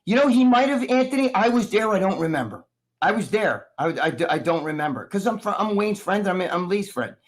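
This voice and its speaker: A man with a New Jersey accent, whose voice sits high for a man, rambles through a casual live-stream chat. He swears freely and acts out the people in his stories. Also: animated, brisk. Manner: profane, rambling storyteller who acts out other people's voices. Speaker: co-host of a live stream talk show.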